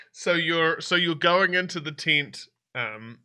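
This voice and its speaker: A man running a tabletop game, narrating with hesitant fillers and quick laughs. His voice moves a lot, bright and lively. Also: on the high side, clean tone. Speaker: dungeon master.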